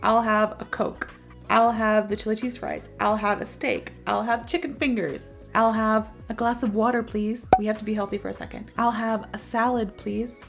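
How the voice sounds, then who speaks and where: A woman's voice: on the high side, steady tone, normal speed, over loud music. A young American woman teaching English phrases in a chatty, playful way, repeating her example sentences for the viewer. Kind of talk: online English lesson.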